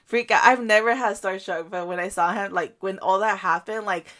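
A young woman chats casually and tells a story with a lot of "like" scattered through her sentences. She is from a Guatemalan family, and her voice sits at an ordinary middle pitch. Her storytelling is animated, and laughter breaks into it often. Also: normal speed. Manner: animated storytelling, heavy use of "like", frequent laughter. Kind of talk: casual chat.

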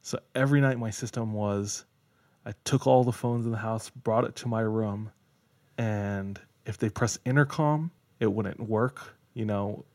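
A young man in casual podcast chat, rambling through a teenage story and laughing often along the way. His voice sits a little low, and his manner is easygoing and chatty. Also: a little slow, darkish tone. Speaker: podcast co-host. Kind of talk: casual chat, personal anecdote.

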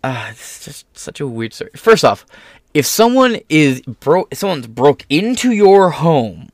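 A man's voice: a little high, very animated, measured pace, no echo, clean studio sound. A man giving casual, profane political commentary, sarcastic and mocking, often slipping into put-on voices to mimic others.

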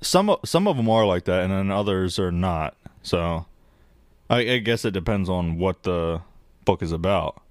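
A man co-hosts a podcast in a blunt, casual way and swears freely. His voice sits on the low side. The recording is dry and close. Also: expressive, moderate pace, no room sound. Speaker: podcast co-host. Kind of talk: casual chat.

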